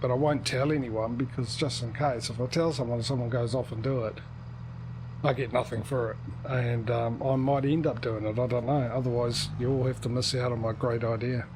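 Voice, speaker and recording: A man's voice: medium pitch, steady tone, brisk, background noise. A man hosting a casual gaming livestream, rambling chattily with sarcastic asides. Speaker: livestream gamer host.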